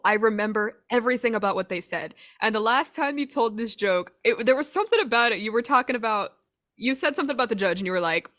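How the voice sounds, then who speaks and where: A woman's voice: fairly high pitch, fairly bright tone. A woman hosting a podcast in casual chat, blunt and swearing freely. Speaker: podcast host.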